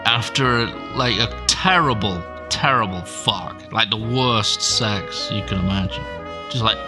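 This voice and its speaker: A man's voice: on the low side, a little slow, over music. A man giving profane, sardonic reaction commentary as a YouTube host.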